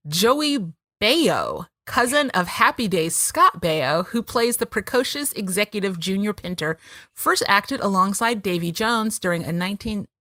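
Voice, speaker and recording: A chatty woman hosting a podcast, her voice bright and lively as it rises and falls. She laughs often, and the sound is dry and close, with no room in it. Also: medium pitch, no room sound. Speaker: podcast host. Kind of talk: casual podcast chat.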